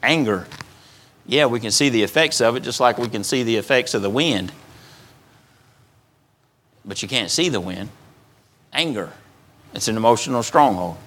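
A man's voice: medium pitch, expressive, normal speed, long pauses, fairly bright tone. A middle-aged male pastor preaching an earnest sermon, often acting out the voices of stubborn, angry people and repeating his words as he goes.

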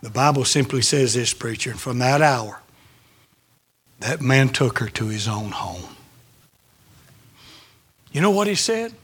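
A man's voice: mid-range voice, lively intonation, a little slow, long pauses, a bit bright, husky. A man preaching a sermon, emphatic and dramatic, sometimes dropping his voice to a whisper.

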